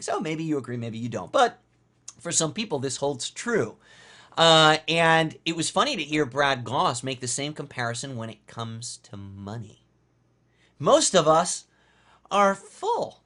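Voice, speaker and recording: A man giving a motivational lecture for an online course. He speaks with animated emphasis, swinging between loud, high stresses and soft, low asides, and he often repeats his key lines. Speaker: course instructor.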